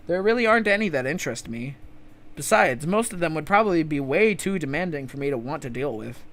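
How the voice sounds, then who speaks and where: A man's voice: fairly high pitch, animated, brisk, a bit bright. A man reading the lines of a shy, lazy teenage schoolboy narrator while playing through a visual novel. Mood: unbothered.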